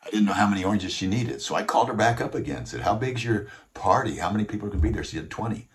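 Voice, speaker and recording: Guy doing an eager young worker, low voice, explains everything step by step. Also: lively intonation, quick pace, close to an everyday voice. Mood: earnest. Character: resourceful eager young male employee.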